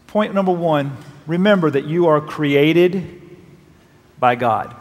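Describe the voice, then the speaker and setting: A male pastor preaching a sermon, reading scripture verses aloud with emphatic, lively delivery. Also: high-pitched, unhurried, pauses often. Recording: long reverb of a large hall.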